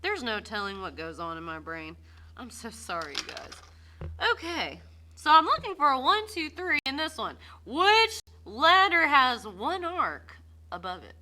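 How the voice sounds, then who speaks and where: A woman walks through a geometry lesson, bubbly and quick to poke fun at herself while cheering on her students. Her voice sits high and swings widely in pitch. It has a bright, sharp edge. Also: very animated. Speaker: math teacher.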